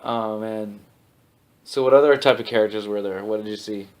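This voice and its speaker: A man's voice: on the low side, fairly even intonation, moderate pace. A man from Canada co-hosting a casual podcast, riffing with crude jokes. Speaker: podcast co-host.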